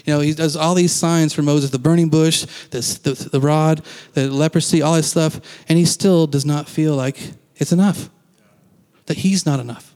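A man's voice: a little high, steady tone, moderate pace, darkish tone, big-room sound. A man giving a casual, conversational sermon as a pastor, acting out quoted lines and laughing now and then.

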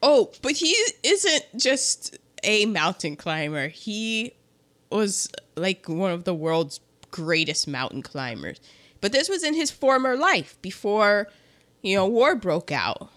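A woman co-host chatting casually, animated and quick to laugh. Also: mid-range voice. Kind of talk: casual chat.

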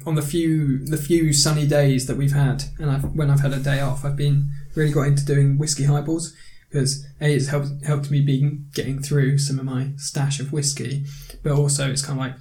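A man co-hosting a podcast, chatting casually in a relaxed, rambling way with frequent fillers and restarts. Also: medium pitch, moderate pace, few pauses. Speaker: podcast co-host. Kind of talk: casual chat.

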